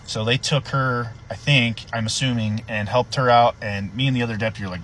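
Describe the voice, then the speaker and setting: A man, a sheriff's deputy, casually telling a story in a profane, animated way. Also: medium pitch, a little fast, hardly any pauses, rough recording.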